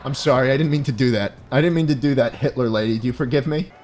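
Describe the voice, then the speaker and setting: A young man giving crude, excitable gameplay commentary and yelling at the game. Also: mid-range voice, fast talker, a little hiss or hum. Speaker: streamer.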